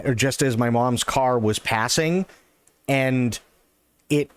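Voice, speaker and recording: A man streaming live, telling a long personal story in an animated, excitable way and swearing often. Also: medium pitch, clear, resonant tone, no echo. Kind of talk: casual storytelling.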